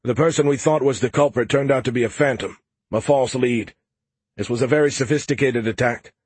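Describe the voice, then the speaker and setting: Man voicing a male security director, formal, husky, dry close mic. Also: mid-range voice, brisk, a little mellow, no echo, pitched above the performer's own voice, close to an everyday voice. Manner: formal, briefing tone. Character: nervous male security official. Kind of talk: audiobook character voice.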